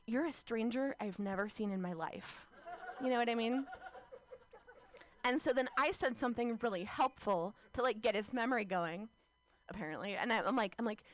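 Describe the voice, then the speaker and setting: A woman stand-up comic in her thirties from California tells a rambling, self-mocking story. Her voice sits a little high, and she fills her lines with "like.". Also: moderate pace, a little hiss or hum. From California, United States. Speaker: stand-up comedian. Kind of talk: stand-up comedy set.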